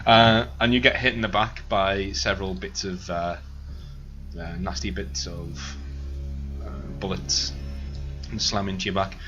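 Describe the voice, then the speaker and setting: A man's voice: deep voice, little pitch movement, a little slow, a bit bright, highs cut off, faint music behind. A man narrating as game master over an online voice call, rambling with lots of filler words and laughter.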